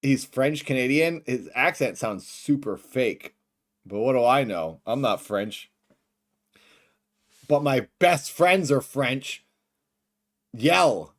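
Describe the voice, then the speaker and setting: Excitable male streamer. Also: medium pitch, slow pace, pauses often. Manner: excitable, bursts into shouts. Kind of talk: livestream reaction commentary.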